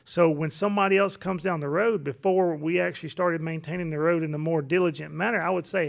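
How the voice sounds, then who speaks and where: Gravelly reassuring man in his forties. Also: on the high side, quick pace, few pauses. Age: 40s. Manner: calm, reassuring, fatherly. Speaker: podcast co-host, father. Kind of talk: casual advice talk.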